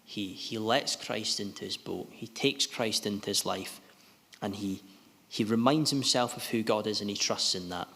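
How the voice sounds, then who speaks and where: A man preaching a sermon in an earnest, halting way, often restarting his sentences. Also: fairly low pitch, vocal fry, bright, forceful tone. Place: gospel hall. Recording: long hall reverb.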